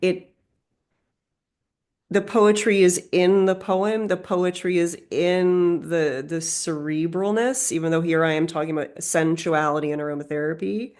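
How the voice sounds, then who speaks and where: A woman's voice: fairly low pitch, fairly even intonation, unhurried, a little mellow. A woman hosting a solo podcast, musing aloud in a meandering, reflective way. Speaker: podcast host.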